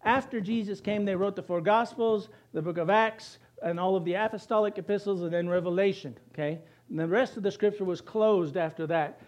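A man's voice: high-pitched, moderate pace, darkish tone. A pastor preaching a sermon to his congregation, asking questions and answering them himself.

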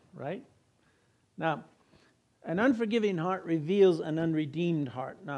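Male pastor, higher-pitched voice, earnest preaching style. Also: a little mellow. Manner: earnest preaching, leads congregation in prayer. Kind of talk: sermon.

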